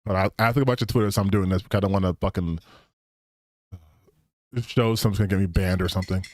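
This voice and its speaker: A man's voice: low voice, steady tone, quick pace, no room sound. A young man, streaming and mocking online posts in profane, casual commentary.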